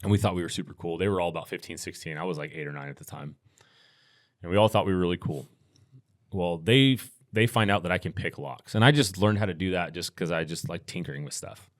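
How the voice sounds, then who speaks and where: Podcast guest, middle-aged man, very low voice, relaxed storyteller with lots of restarts. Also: quick pace, no echo, clean studio sound. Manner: laid-back, rambling with restarts and fillers. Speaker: podcast guest, firearms instructor. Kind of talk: casual storytelling.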